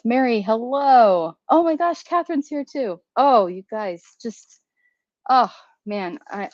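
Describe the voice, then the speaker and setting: A flustered woman chats casually on a livestream, greeting viewers and owning up to her nerves. Her voice sits a little low. The sound is dry and slightly dull. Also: a little mellow, no echo. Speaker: candle brand owner.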